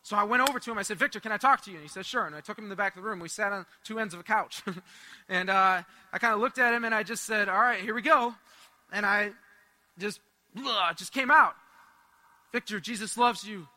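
A young man preaching a sermon, telling a personal story in an animated way with asides and laughs. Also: sits high, fairly quick.

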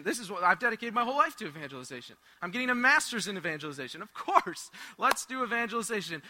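A young man giving a humorous, animated storytelling talk to a live audience at a church rally, acting out the voices of the people in it. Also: high voice, fast talker, few pauses, in a large hall. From United States. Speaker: speaker at a Catholic renewal rally.

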